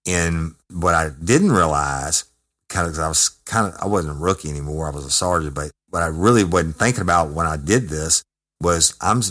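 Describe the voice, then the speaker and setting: A man with an extremely low, deep voice tells a story casually. He talks in a blunt, profane, emphatic way, punching out words as he goes. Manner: profane, emphatic, animated retelling. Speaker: former correctional officer telling a story.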